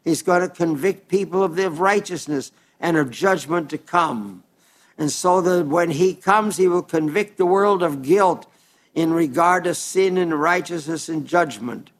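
Male preacher, sermon, earnest and plain-spoken, slightly raised pitch, slow deliberate scripture reading. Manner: earnest, plain-spoken, addresses listeners as dear friends; reads scripture aloud slowly and deliberately.

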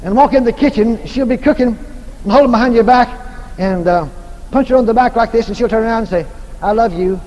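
A man's voice: very high voice, quick pace, warm tone, lo-fi sound. A male preacher giving a folksy, humorous sermon that repeats its points for emphasis. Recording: echoey hall, faint noise.

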